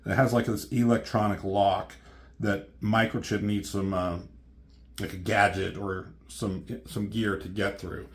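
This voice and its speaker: A man's voice: on the low side, flat delivery, unhurried. A man casually recapping a comic book story, rambling and profane, with lots of ums and restarts.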